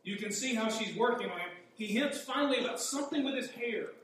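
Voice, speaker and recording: A man's voice: extremely high pitch, expressive, fairly quick, fairly bright tone. A man preaching a sermon in a conversational way, asking his listeners rhetorical questions. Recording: echoey hall, mic far off, faint hum.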